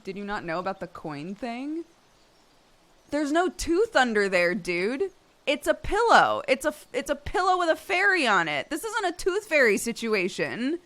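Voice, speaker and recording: A woman's voice: sits high, sing-song, moderate pace, fairly bright tone. A woman in her thirties, a streamer, casually telling chat an exasperated story with bursts of laughter. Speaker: streamer host.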